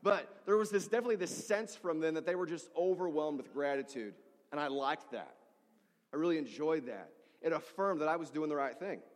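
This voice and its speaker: A middle-aged male pastor delivers a sermon in a reverberant church hall. His voice sits slightly high for a man. He tells stories with animation and briefly acts out the people in them. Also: animated, a little fast.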